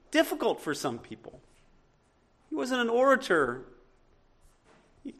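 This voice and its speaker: High-voiced, slow Southern preacher man. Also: a bit bright. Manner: earnest, emphatic, with frequent restarts. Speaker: pastor. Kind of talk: sermon.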